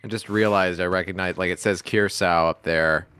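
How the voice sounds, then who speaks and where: Wry, bright-voiced game streamer. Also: male voice, sits low, fairly even intonation, normal speed, clean tone. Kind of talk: casual chat over gameplay.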